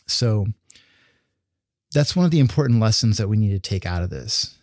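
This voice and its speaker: A man's voice: on the low side, animated, moderate pace, a little mellow, no echo, clean studio sound. A man preaching a sermon in an earnest, conversational way, with restarts and fillers. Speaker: pastor.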